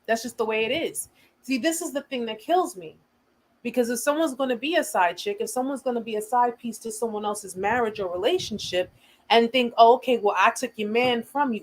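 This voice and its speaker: A woman's voice: fairly high pitch, poor audio. Emphatic American woman hosting a livestream. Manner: earnest, emphatic, repeats points for stress. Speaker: host of a survivor support livestream. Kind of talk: casual livestream talk.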